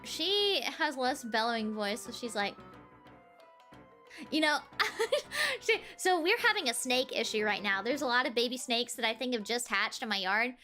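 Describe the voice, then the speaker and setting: A woman's voice: fairly high pitch, very animated, moderate pace, sharp tone, faint music behind. A young woman from the southern United States streaming, chatting casually with giggles. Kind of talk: casual chat.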